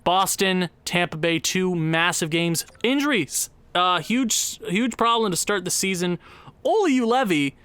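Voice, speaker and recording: A man's voice: steady tone, unhurried, hardly any pauses, pushed and bright, clean tone, no room sound. Exasperated young man narrating gameplay. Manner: exasperated, sighing, jumps high in pitch when frustrated. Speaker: gaming YouTuber. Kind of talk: casual gameplay commentary.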